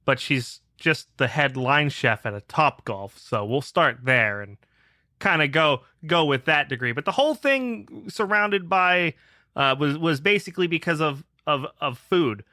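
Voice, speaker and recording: A podcast co-host gets fired up telling a heated story on a casual show, swearing a lot as he rants. His fairly high voice sounds pushed and bright, and the studio sound is clean with no echo.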